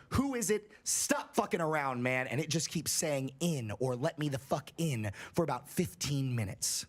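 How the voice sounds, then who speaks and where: A man's voice: medium pitch, vocal fry, husky. A man telling a creepy campfire story on a livestream, casual and full of swearing. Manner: profane, animated storyteller.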